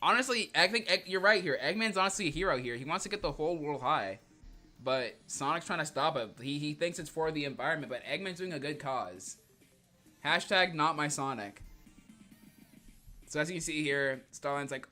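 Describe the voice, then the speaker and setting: A man's voice: fairly high pitch, expressive, moderate pace, bright, forceful tone, faint music behind. A man livestreaming a comic reading, joking in heavy slang and laughing often. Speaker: streamer.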